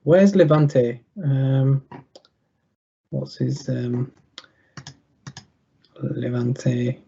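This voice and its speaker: A young man giving betting tips over a video call, thinking aloud in a halting way with many fillers and restarts. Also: mid-range voice, gravelly, warm tone, dull audio, slight background noise. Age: young adult. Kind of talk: thinking aloud while clicking through a screen.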